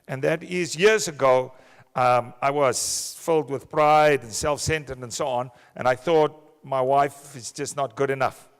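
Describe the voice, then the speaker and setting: A man at a conference sharing a personal testimony in an earnest, measured way. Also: medium pitch, clean tone. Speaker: conference attendee. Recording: reverberant conference hall.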